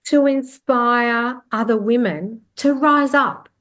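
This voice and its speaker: A woman's voice: on the high side, fairly bright tone. Effusive woman in her fifties hosting. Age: 50s. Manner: effusive, quick to laugh and affirm. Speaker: podcast host. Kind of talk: interview conversation.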